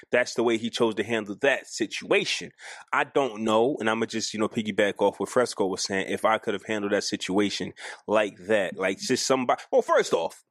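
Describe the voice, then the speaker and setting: A man co-hosting a podcast in casual chat, animated and arguing his point, acting out quoted lines. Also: lowish voice, dry recording, clean studio sound. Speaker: podcast co-host.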